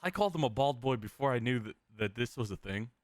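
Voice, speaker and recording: A man playing a police officer in a game roleplay, brash and swearing, quick to shout. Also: mid-range voice, expressive, dry recording.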